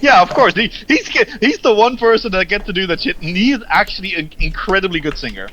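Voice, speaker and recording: A man chatting eagerly with friends while gaming, telling stories with excitement. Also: high voice, fast talker. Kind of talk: casual gaming chat.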